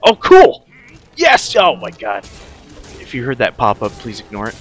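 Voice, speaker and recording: A man giving excited, jokey commentary as he plays a video game, swearing, yelling and chanting through the fights. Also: medium pitch, unhurried. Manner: loud, jokey, swears a lot, yells and chants during fights. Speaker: gaming streamer.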